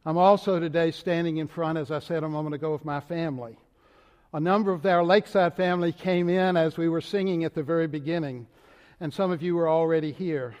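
An older man with a Southern Richmond accent, delivering a sermon from the pulpit in a measured, deliberate way. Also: a little high, steady tone, a little mellow. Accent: Southern US, Richmond Virginia. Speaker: moderator of denomination preaching. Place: large church sanctuary. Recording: long church reverb.

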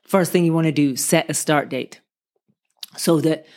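A woman's voice: low voice, unhurried, darkish tone. A woman who makes films and writes books, giving earnest, conversational advice to her viewers and piling up questions as she talks. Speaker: filmmaker and author giving advice. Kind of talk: motivational talk to viewers.

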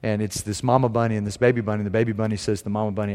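A man's voice: fairly low pitch, flat delivery, rapid-fire, hardly any pauses. Conversational preacher man, long hall reverb. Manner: conversational preaching, sings hymn lines softly. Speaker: pastor. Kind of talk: sermon.

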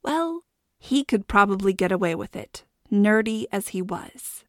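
A woman narrating a novel in a steady, expressive reading voice. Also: medium pitch, measured pace, dry recording, studio quality. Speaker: audiobook narrator. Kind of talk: scripted narration.

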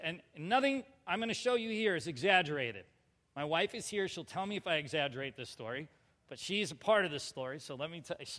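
A man preaching a personal testimony, animated and self-mocking, acting out his own lines. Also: on the high side. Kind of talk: storytelling sermon. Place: large hall before a live audience. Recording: long reverb of a large hall.

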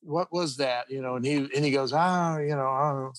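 A man's voice: medium pitch, fairly quick, dry recording. A middle-aged man telling rambling anecdotes in a casual interview, full of restarts and chuckles. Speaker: guest guitarist.

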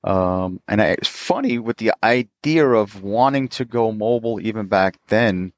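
A man in his fifties, a mechanic, telling stories in a chatty, animated way as an interview guest. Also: fairly low pitch, unhurried, no room sound. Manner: chatty, animated, laughs often. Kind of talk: casual storytelling.

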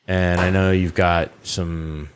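Low-voiced guy full of likes. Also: level tone, slow pace, smooth. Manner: loose, filler-heavy talk with lots of likes. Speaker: podcast co-host. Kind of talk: casual podcast chat.

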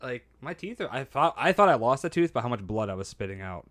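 A man's voice: mid-range voice, sing-song, fast talker, fairly bright tone, no room sound, clean studio sound. A man casually telling a story on a podcast, acting out quotes and laughing often, a bit nasal from a hurt nose.

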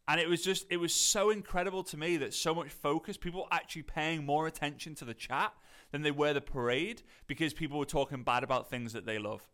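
A man's voice: a little high, brisk, pushed and bright. A man with a Scouse Liverpool accent giving a chatty, rambling motivational talk as a coach, often asking "right?" and restarting his sentences. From Liverpool area, England.

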